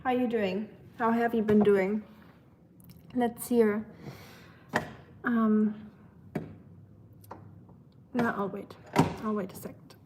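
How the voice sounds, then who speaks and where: A woman's voice: medium pitch, fairly even intonation, takes it slowly, long pauses, a little mellow, a little hiss or hum, low-quality recording. A woman from Germany with a German accent, chatting casually with viewers on a livestream while doing chores. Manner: chatty, reading chat aloud, self-deprecating.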